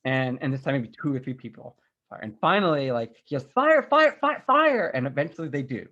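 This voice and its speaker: A male history lecturer recounting events with animated storytelling energy. His voice sits at an ordinary middle pitch, and he often pauses on ums and restarts his sentences. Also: muffled recording. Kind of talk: recorded university lecture.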